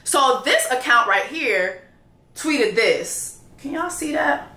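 A woman reviewing a reality dating show, ranting loudly and profanely in casual commentary. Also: high voice, slow pace, reverberant. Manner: loud, profane, animated ranting.

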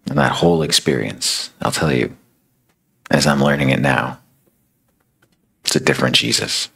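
A man preaching a sermon in a loose, storytelling style, full of casual fillers. His voice sits extremely low with a gravelly fry, and it has a husky roughness throughout. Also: very animated, normal speed, a bit bright, low-quality recording. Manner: casual, filler-heavy retelling. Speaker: speaker.

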